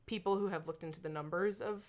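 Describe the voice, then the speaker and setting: A woman's voice: lowish voice, fast, a little mellow. A young woman chatting casually, telling a story with many fillers and little laughs. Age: young adult. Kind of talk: casual chat.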